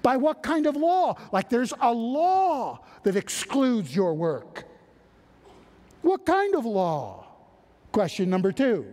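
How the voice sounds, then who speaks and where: A man's voice: very high voice, huge pitch swings, takes it slowly, darkish tone. A man preaching a sermon, emphatic, asking rhetorical questions and answering them. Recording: reverberant hall.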